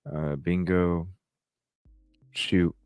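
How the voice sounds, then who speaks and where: A man's voice: deep voice, little pitch movement, extremely slow, smooth, no echo, studio quality. A man hosting a late-night podcast livestream, tired and yawning, talking casually with plenty of swearing as he reads and answers viewer comments. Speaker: podcast host.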